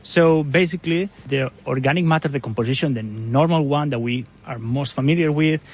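A man's voice: on the high side, fairly quick, husky. A male scientist being interviewed, explaining carefully and sometimes restarting his phrases.

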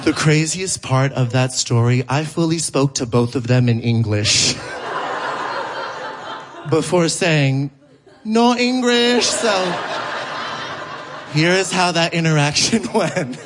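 A man performing a live stand-up set in a theater, playful and animated, jumping into high mock voices. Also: a little slow. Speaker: stand-up comedian. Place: theater stage before a live audience. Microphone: stage microphone.

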